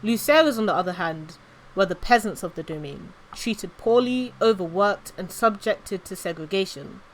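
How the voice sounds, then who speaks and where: A woman streamer reading her own story aloud with expressive storytelling narration. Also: medium pitch, moderate pace, low-quality recording.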